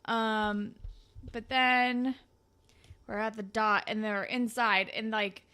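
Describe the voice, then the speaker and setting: A woman's voice: on the high side, fairly even intonation, takes it slowly, pushed and bright, clear, resonant tone. A young woman co-hosting a podcast, recapping a TV episode in casual, profane chat and mimicking the characters. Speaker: podcast co-host.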